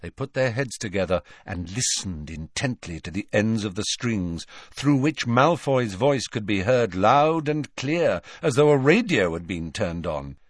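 The narrator is a man whose voice runs on the low side, reading an audiobook with measured, expressive storytelling. Studio-quality audio, free of room sound.

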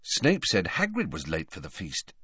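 A man's voice: deep voice, huge pitch swings, normal speed, a bit bright, husky, no room sound, studio quality, pitched below the performer's own voice, exaggerated voice. A man voicing a guarded teenage boy who answers curtly and evasively. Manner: curt, evasive.

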